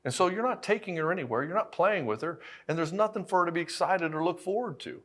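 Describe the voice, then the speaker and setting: A man's voice: sits high, animated, quick pace, a bit bright. A middle-aged man coaching married men in a blunt, profane, emphatic monologue, speaking straight to the listener. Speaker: relationship coach. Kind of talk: direct-to-camera monologue.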